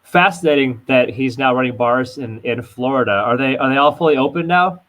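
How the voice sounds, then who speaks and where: Loose, animated male co-host. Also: mid-range voice, brisk, low-quality recording. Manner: animated, loose, fond of saying "like". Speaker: podcast co-host. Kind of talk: casual interview chat.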